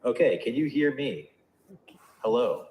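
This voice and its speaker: A man's voice: mid-range voice, a little slow, warm tone, roomy sound, rough recording. A man co-hosting a podcast, playful and joking, making goofy noises during a mic check. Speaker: podcast co-host. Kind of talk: casual podcast chat.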